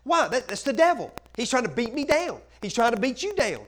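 A man with a strikingly high voice preaches a fervent sermon in his church. He leans hard on repeated phrases to hammer each point home, and a faint hiss sits beneath his words. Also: big pitch swings, a little fast, fairly bright tone, low-quality recording. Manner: impassioned, emphatic repetition. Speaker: pastor.

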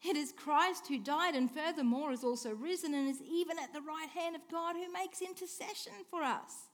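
A woman preaching a sermon, asking rhetorical questions and swinging between hushed and emphatic lines. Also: high voice. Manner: expressive, swings from soft hush to emphatic declaring; slow, deliberate delivery with rhetorical questions.

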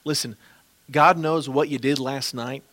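A man preaching as a pastor, earnestly and gently pleading as he leads a closing prayer. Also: mid-range voice, steady tone, a little slow.

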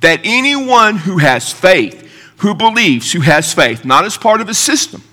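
A man's voice: sits high, very animated, measured pace, bright, forceful tone. A male pastor preaching a sermon, emphatic and argumentative, with rhetorical questions. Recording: long hall reverb.

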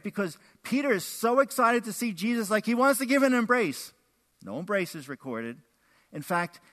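A man pastor preaching a sermon, animated, acting out quotes with big swings in his voice. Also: fairly high pitch. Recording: echoey hall with long reverb.

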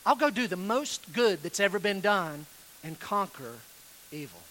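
Earnest high-voiced male preacher. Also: animated, sharp tone, a little hiss or hum, low-quality recording. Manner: earnest, pleading, emphatic with slow stressed phrases. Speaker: pastor. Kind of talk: sermon.

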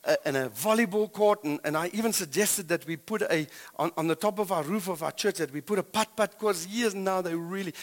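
A middle-aged man with a South African accent, preaching a sermon as a pastor in animated storytelling, swinging between loud and hushed. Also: on the high side, in a large hall.

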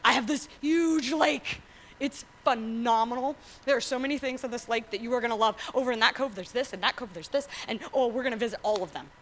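Jesus as a gentle guide, hushed and eager , done by a woman preacher. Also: fairly high pitch, fairly quick, slight background noise, lightly acted. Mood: excited. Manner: hushed, eager, pointing things out.

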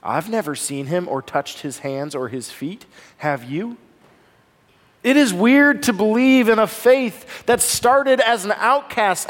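A man preaching a sermon as pastor, earnest and conversational, often asking his listeners rhetorical questions. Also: high-pitched. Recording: long reverb of a large hall.

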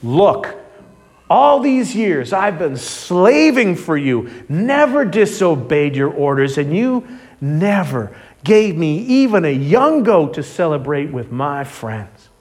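A man's voice: fairly high pitch, sing-song, slow, a little mellow. A man preacher voicing a resentful, self-righteous older brother from a parable. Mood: indignant. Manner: indignant, complaining.

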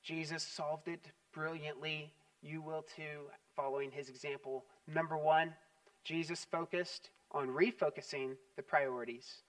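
A pastor preaching a sermon, telling stories with animated, emphatic repetition. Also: male voice, fairly high pitch, a little slow, distant mic.

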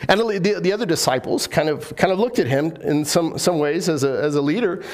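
Pastor guy preaching, chatty and jokey, lots of restarts, kinda high voice. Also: a little fast. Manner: casual, joking storyteller with many restarts. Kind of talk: sermon.

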